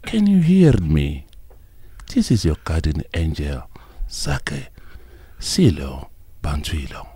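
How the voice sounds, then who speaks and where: A man putting on a deep, slow guardian angel. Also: huge pitch swings, gravelly, warm tone, husky, heavily acted. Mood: grave warning. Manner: slow, grave, dramatic warnings. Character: solemn male guardian angel. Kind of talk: improvised radio drama acting.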